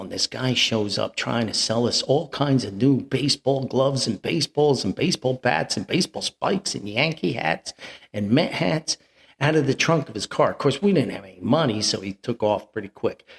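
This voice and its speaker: A man's voice: medium pitch, animated, moderate pace, vocal fry. An older man, telling a rambling, chuckling family anecdote as a podcast host. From New Jersey. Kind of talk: anecdotal storytelling.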